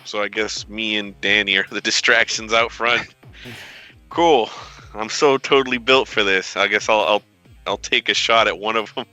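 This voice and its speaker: A man's voice: lowish voice, fairly even intonation, moderate pace, pushed and bright, faint music behind. Dry, sarcastic male player. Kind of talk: casual tabletop play.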